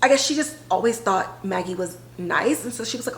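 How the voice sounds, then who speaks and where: A woman podcast host retelling a TV episode in a casual, animated way, full of filler words. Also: mid-range voice, a little fast, reverberant, low-quality recording. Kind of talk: casual storytelling recap.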